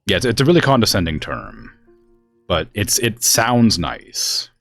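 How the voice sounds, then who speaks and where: A man's voice: on the low side, very animated, a little slow, creaky, fairly bright tone, soft background music. A man from the US West Coast streaming a game, chatting casually and rambling with lots of fillers. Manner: rambling, filler-heavy, exasperated about family. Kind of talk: casual chat while gaming.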